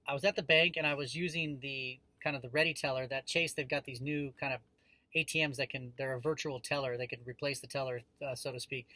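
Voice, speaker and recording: A man in his thirties hosting a casual vlog from his parked car, telling a story with an animated delivery and frequent fillers. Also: mid-range voice, no echo, low-quality recording. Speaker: vlog host.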